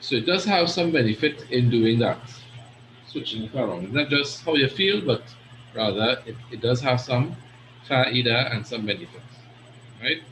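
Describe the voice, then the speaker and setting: A man's voice: medium pitch, animated, moderate pace, fairly bright tone, echoey room, a little hiss or hum, rough recording. Man teaching an Arabic class. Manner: patient, explanatory, frequent "right?" checks. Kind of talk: online class lesson.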